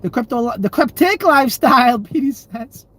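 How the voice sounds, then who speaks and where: A man's voice: very high-pitched, animated, normal speed, pushed and bright, no room sound. Livestream host, male: loose and profane, laughs a lot while riffing on the chat. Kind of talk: casual livestream chat reading viewer comments.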